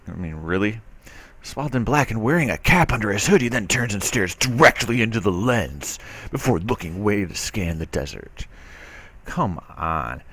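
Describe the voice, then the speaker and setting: With no echo on the audio, a man with a lowish, somewhat bright voice hosts a commentary video. He reads a news piece aloud and picks at it with skeptical sarcasm, his loose delivery packed with fillers and restarts.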